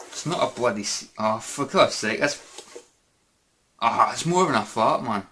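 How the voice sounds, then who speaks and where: A man's voice: lowish voice, normal speed, fairly bright tone, a little hiss or hum. A man hosting a casual Q&A vlog, rambling and hesitant with many fillers and restarts. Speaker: YouTube gaming channel host.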